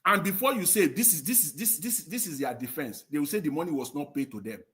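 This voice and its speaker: A man's voice: a little high, animated, fast, a bit bright. A man, speaking as a panelist in a live-stream discussion, impassioned and indignant, pressing with rhetorical questions.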